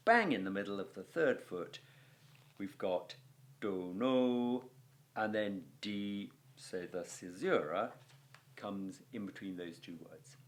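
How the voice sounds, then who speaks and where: A male Latin teacher walks through a video lesson, his voice rising and falling with lively energy. He talks in a chatty, enthusiastic way, tossing in fillers and playful sound effects as he explains. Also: mid-range voice.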